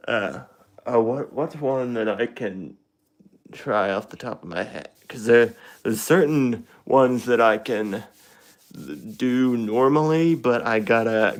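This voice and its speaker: A man streaming live into his phone, chatting casually in a rambling, hesitant, self-deprecating way. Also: fairly low pitch. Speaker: livestreamer.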